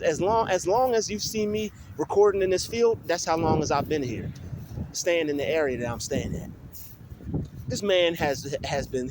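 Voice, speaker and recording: Animated young man ranting on a phone outdoors. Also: on the high side, background noise. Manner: animated, ranting, repeats and restarts often. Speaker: vlogger. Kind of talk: casual vlog monologue. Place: outdoors in a field. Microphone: phone held while walking.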